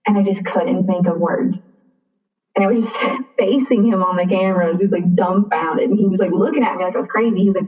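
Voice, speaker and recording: A young woman guest with a mid-range voice tells a personal story chattily, saying "like" often and acting out both sides of a conversation. The sound is tinny and distant, like a phone line, in an echoey room.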